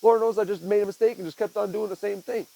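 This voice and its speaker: A man's voice: high voice, steady tone, fast talker, creaky, mellow, highs cut off. A young man, a podcast host, talking in a rambling, reflective way and often saying "man" and "dude". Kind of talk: casual monologue.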